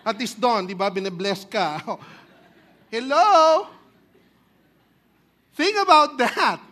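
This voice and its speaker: A Filipino-accented male pastor preaches with lively energy, jumping into loud exclamations as he acts out the story. His voice sits high for a man and rings bright and forceful. He slips between English and Tagalog as he talks. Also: moderate pace. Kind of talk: sermon.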